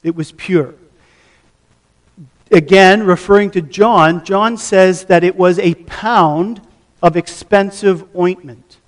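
A middle-aged pastor preaching a sermon, teaching the passage and putting questions to the congregation. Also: male voice, high voice, fairly even intonation, slow pace. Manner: teaching, asks the audience questions.

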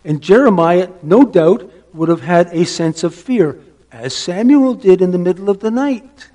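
A man preaching a sermon, emphatic, asking rhetorical questions and dropping to a hush for stress. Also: high voice, lively intonation, unhurried. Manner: asks the listeners rhetorical questions.

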